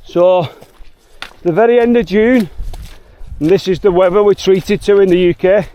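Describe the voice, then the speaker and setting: A man's voice: sits high, fairly even intonation, moderate pace, dark tone, lo-fi sound. A chatty Liverpool man with a slightly raised voice talks straight to his viewers on a soggy fell walk. His delivery is slangy and cheerful, recorded on a handheld camera outdoors. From England. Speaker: hiking vlogger. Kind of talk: casual walking vlog. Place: outdoors on wet fells, later in a car.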